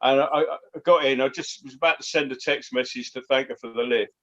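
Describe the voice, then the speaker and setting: A man's voice: mid-range voice, quick pace, fairly bright tone. A man telling anecdotes as a guest on a casual football chat, with stammered restarts. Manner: stammering restarts, chuckling storyteller. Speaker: panel guest. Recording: slightly dull remote call audio.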